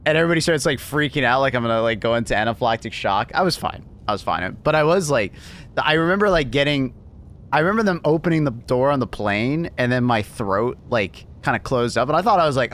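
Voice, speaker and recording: A man's voice: medium pitch, lively intonation, a little fast, a bit bright, a little hiss or hum. A man hosting a livestream in casual chat, laughing often and swearing loosely as he reads messages.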